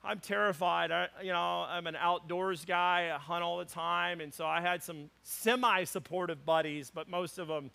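A man preaching to a church congregation, with a high voice and a bright, forceful edge. He moves between teaching and animated, funny storytelling. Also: normal speed, gravelly, hardly any pauses, clean tone. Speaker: pastor. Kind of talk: sermon.

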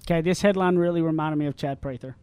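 A man's voice: a little high, quick pace, smooth, dry recording. A man co-hosting a podcast, telling news stories in a casual chat and laughing as he goes. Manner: animated storyteller, laughs while telling. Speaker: podcast co-host.

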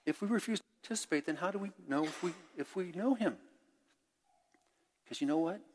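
An older man preaching a sermon as pastor, candid and conversational, swinging between loud and hushed. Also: sits high, fairly quick, long pauses. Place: church sanctuary. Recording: long church reverb.

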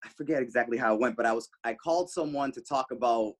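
A male radio host, the guest, telling animated stories casually, swearing freely. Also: fast. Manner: animated, swears freely, jumps pitch for quoted lines. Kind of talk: casual storytelling.

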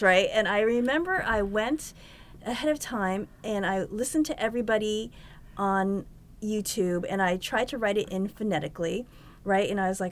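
A woman's voice: medium pitch, moderate pace. A woman co-hosting a podcast in casual conversation, telling stories about herself with self-deprecating humor and frequent laughter. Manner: self-deprecating, animated storytelling, laughs a lot. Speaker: podcast co-host.

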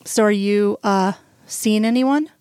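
A woman's voice: medium pitch, slow, smooth, dry recording, studio quality, lightly acted. A woman voicing a wry, hopeful man. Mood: hesitant. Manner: self-deprecating, gently joking.

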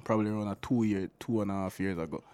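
A man speaks in a fairly low voice as a guest on a music chat. He sounds laid-back and keeps tagging his sentences with "you see me". His delivery is easygoing. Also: rapid-fire, a little mellow. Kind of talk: casual interview chat.

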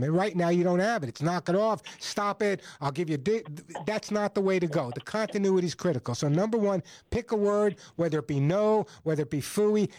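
A man's voice: sits high, darkish tone, no room sound. A male radio host giving firm, repetitive advice to a caller on a call-in pet show. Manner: assertive, repeats points for emphasis.

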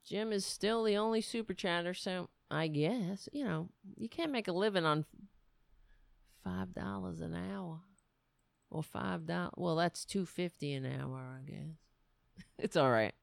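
A woman's voice: on the low side, animated, measured pace, vocal fry, no echo, clean studio sound. A middle-aged woman hosting a casual livestream, rambling and self-mocking as she chats to viewers and her cat. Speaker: livestream host.

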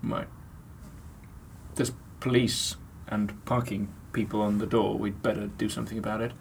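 A man's voice: on the low side, flat delivery, moderate pace, creaky, slight background noise. A man on a comedy podcast, laid-back and plain in improv.

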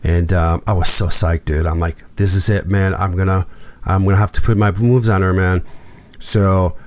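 A man's voice: low-pitched, fairly even intonation, normal speed, no room sound. A man hosting a podcast, telling a personal story in casual chat, acting out quotes and swearing freely. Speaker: podcast host.

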